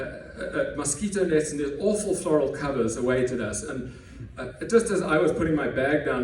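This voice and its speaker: A man's voice: fairly high pitch, darkish tone, slight background noise. Man telling a story on stage, echoey. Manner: conversational, self-deprecating, frequent restarts. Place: stage before a live audience. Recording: echoey room, heard from a distance, faint ambience.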